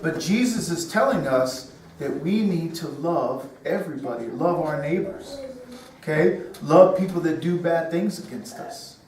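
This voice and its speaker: A man's voice: on the high side, animated, measured pace, darkish tone, a little hiss or hum. A middle-aged man teaching a children's sermon to a room of kids, checking in with "okay?" and "right?" as he goes. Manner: keeps asking the kids questions, tags lines with "okay?" and "right?". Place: church room full of children. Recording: echoey room, mic far off.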